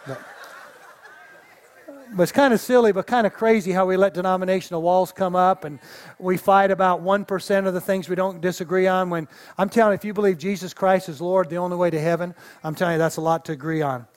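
A man's voice: high-pitched, steady tone, fast talker. A middle-aged man, an associate pastor, preaching a sermon in a church with folksy storytelling and call-and-response. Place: church sanctuary.

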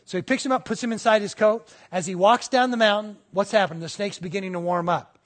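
A male pastor with a high-sitting voice talks fast as he delivers a conversational sermon. He checks in with the congregation often and tells little stories, acting out the voices of the characters in them.

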